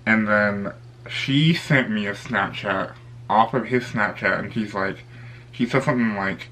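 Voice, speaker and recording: A man's voice: fairly low pitch, measured pace, bright, forceful tone, a little hiss or hum, rough recording. A young man telling a casual storytime vlog, rambling and retelling conversations with lots of "I'm like". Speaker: YouTuber.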